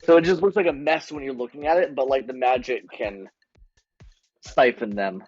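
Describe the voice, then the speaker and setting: A man playing in a tabletop game, who talks quickly and casually with jokes. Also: mid-range voice, muffled recording, soft background music. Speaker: player.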